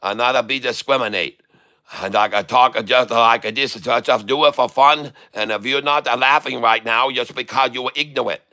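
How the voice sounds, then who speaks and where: A man's voice: medium pitch, steady tone, moderate pace, pushed and bright. A man putting on an exaggerated fake Chinese accent in broken English, teasing and giggling between lines. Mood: mock stern.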